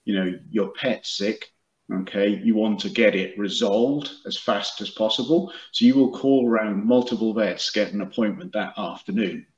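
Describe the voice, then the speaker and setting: A man's voice: lowish voice, normal speed. A man, a company executive, explaining his business in an interview over a video call, with many fillers and restarts. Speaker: guest, product and marketing executive. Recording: echoey room, dull lo-fi sound.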